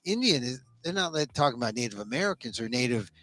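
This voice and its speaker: A man's voice: mid-range voice, fast, a crowd in the background. An older man hosting a talk show, chatting casually and playfully toying with words. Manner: animated, playful with wordplay. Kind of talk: casual conversation.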